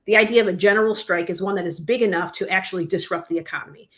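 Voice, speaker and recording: A woman's voice: medium pitch, very fast. A woman co-hosting a talk show, discussing news in a conversational, earnest way and laughing easily. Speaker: podcast co-host. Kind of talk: casual discussion.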